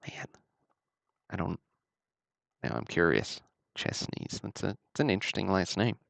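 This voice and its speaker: Male livestream host, very low gravelly voice, relaxed chatty delivery. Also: normal speed, no room sound. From Alabama. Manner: easygoing, chatty running commentary. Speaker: host of a card-break livestream. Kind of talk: casual livestream commentary.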